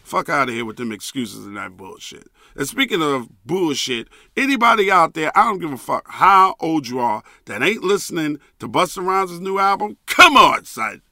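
A man's voice: on the high side, very animated, normal speed, hardly any pauses, pushed and bright, no echo, studio quality. A man hosting a podcast, ranting emphatically and profanely and repeating a catchphrase. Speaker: podcast host. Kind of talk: solo podcast rant.

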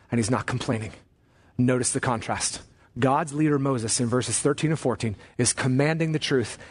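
A man preaching a sermon as pastor, emphatic, slowing down and rising on key commands. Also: mid-range voice.

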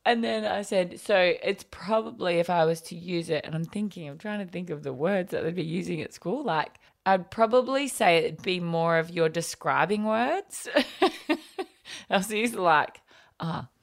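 A woman's voice: fairly low pitch, unhurried, vocal fry. A woman telling a family story in casual chat, laughing often as she goes. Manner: animated, laughs often while telling stories.

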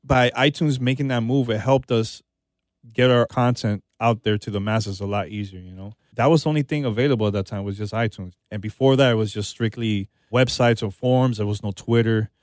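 A man, a podcast host, telling his story in a casual, relaxed way and often tossing in "man" and "you know.". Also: lowish voice, brisk, no echo, studio quality. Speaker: podcast host being interviewed.

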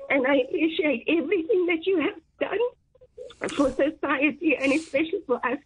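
A woman's voice: sits high, a little fast, poor audio. A young woman, a journalist, calling in to a radio show, tearful and gushing with praise. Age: young adult. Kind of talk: emotional radio call-in.

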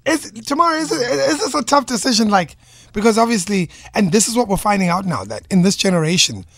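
A man hosting a radio talk show, quizzing his co-hosts in an animated, playful way. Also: high voice, quick pace, no room sound, clean studio sound. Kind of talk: casual radio chat.

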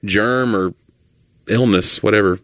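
A male podcast co-host in casual chat, retelling stories with lively asides. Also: lowish voice, no echo, clean studio sound. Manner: lively, quick asides, storytelling.

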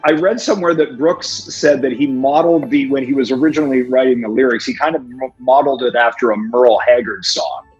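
A man's voice: mid-range voice, brisk, few pauses, dull audio, soft background music. A man interviewing a guest, asking easygoing questions. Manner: easygoing questions with light laughs. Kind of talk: radio interview.

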